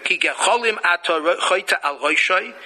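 A man's voice: high-pitched, animated, normal speed, bright, forceful tone, rough recording. A man giving a Torah lecture, chanting Hebrew verses and telling jokey stories. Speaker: rabbi teaching Torah.

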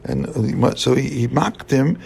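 Guy teaching talmud, husky gravelly voice, keeps stumbling and restarting, hebrew terms all through. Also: mid-range voice, darkish tone, poor audio. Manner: halting, with many restarts and fillers; mixes English with Hebrew and Aramaic terms. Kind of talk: Talmud study lecture.

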